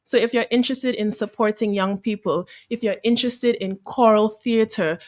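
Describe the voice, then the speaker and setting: A woman's voice: a little high, moderate pace. A woman, a choir member promoting her group's show on a radio talk program in an upbeat, persuasive way.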